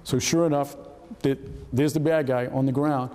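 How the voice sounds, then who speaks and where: A man's voice: mid-range voice, steady tone, moderate pace, mellow, big-room sound. A man in his seventies from Massachusetts, giving a storytelling talk with slides in a casual way. He often repeats words and acts out dialogue. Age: 70s. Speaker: retired FBI agent giving a talk.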